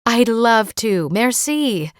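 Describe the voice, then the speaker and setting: A woman's voice: a little high, expressive, slow pace, dry recording, clean studio sound, pitched above the performer's own voice. A woman voicing a polite, guarded young woman heroine in an audiobook.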